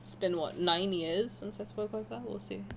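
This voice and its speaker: A woman in her twenties with a posh southern English accent, streaming a game and chatting through it in rambling, animated asides. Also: medium pitch, normal speed, slight background noise. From south of England. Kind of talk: gaming commentary and reading aloud.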